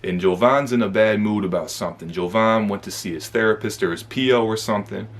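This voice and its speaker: A man's voice: on the low side, brisk, slight background noise. A young man from Michigan telling a personal story to camera in a casual, conversational way, with frequent fillers and tag questions. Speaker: vlogger recounting his youth incarceration.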